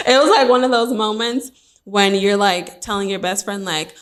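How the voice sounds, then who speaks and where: A woman hosting a relaxed interview podcast, chatting with an animated, excitable energy. She often slips into quick impressions of what friends and family told her. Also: mid-range voice. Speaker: podcast host. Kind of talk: casual interview chat.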